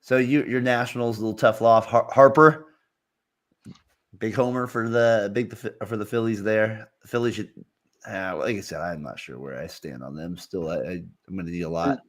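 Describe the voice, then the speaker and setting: Man, lowish voice, casual sports chat co-host, rambling, halting, lots of fillers. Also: fairly even intonation.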